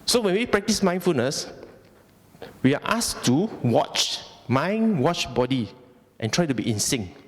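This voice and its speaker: A Malaysian man with a slightly high, very animated voice speaks in Malaysian English at an unhurried pace. He gives a conversational Buddhist Dhamma talk in a temple hall, often putting questions to the audience, and the recording carries long hall reverb.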